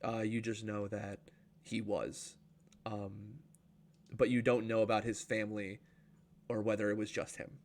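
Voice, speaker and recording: Man, game master, tabletop narration, slow, halting, lots of fillers. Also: on the low side, little pitch movement, darkish tone. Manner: halting, full of fillers and restarts.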